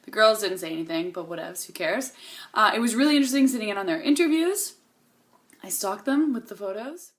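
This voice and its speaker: A young woman vlogs to camera, gushing and bubbly in a chatty way, though she's tired and coming down with a cold. Her mid-range voice is expressive and brisk.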